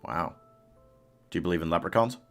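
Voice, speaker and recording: A man's voice: deep voice, fairly quick, a bit bright, soft background music. A man streaming a game live, chatting casually with his chat, laughing often and coaxing his companion along. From United Kingdom.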